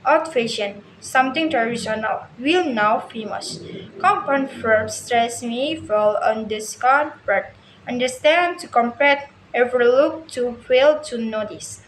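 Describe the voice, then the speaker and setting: Slow high-voiced woman reading a lesson. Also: fairly bright tone. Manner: slow careful reading with frequent stumbles and restarts. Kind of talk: reading a lesson text aloud. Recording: echoey room with faint ambient noise.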